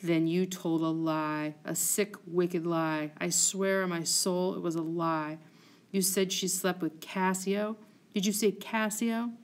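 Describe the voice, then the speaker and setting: A woman's voice: lowish voice, steady tone, slow. A woman voicing an outraged, loyal maidservant who speaks with indignant passion. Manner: indignant, impassioned.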